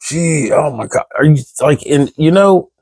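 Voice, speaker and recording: A man's voice: a little high, animated, measured pace, darkish tone, slightly rough, no room sound. Exasperated, cursing man ranting to camera. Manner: exasperated, profane, rhetorical questions. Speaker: vlogger. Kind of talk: candid ranting monologue.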